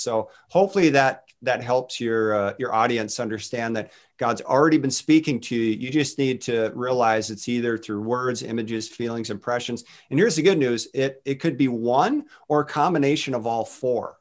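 A man speaking as a guest minister in a casual faith conversation, telling stories in an animated way and voicing quotes. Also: mid-range voice, moderate pace, few pauses. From United States. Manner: animated storytelling with voiced quotes.

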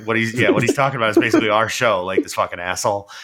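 A man's voice: fairly low pitch, very fast. A man co-hosting a podcast in casual chat, rambling and swearing freely as he tells stories. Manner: profane, rambling, animated storytelling. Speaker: podcast co-host.

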